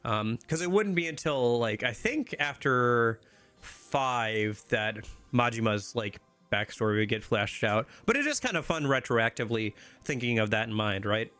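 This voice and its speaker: A man's voice: mid-range voice, expressive, unhurried, pushed and bright, clean tone, faint music behind. A man casually commenting while he plays a video game, rambling with many fillers. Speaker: streamer playing a game. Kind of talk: casual let's-play commentary.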